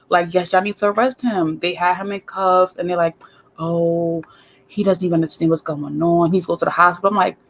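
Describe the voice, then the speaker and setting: A woman guest telling a story in a casual way, animated and profane, acting out other people's voices. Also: fairly low pitch, fairly quick.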